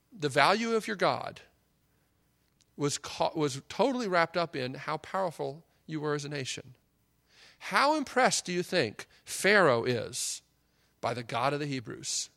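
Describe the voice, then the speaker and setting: A man preaching a sermon in an animated, emphatic way, acting out the lines he quotes. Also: on the high side, measured pace, vocal fry, pauses often.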